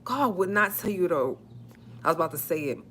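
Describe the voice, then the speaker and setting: A woman's voice: lowish voice, expressive, a little fast, a bit bright, slight background noise. A woman vlogger giving emotional, emphatic commentary on a live stream, repeating herself as she works up her indignation.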